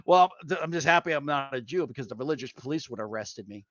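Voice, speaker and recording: A man with a Boston accent, a veteran telling animated stories in casual chat and calling his listeners folks. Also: medium pitch, fast, no echo. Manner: animated anecdotal storyteller, addresses listeners as folks. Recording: dull lo-fi audio.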